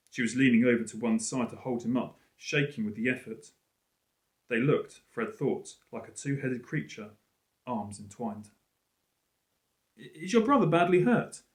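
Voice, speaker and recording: A male teacher reading a storybook aloud in an expressive, lively way. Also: medium pitch. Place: school room. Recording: roomy echo.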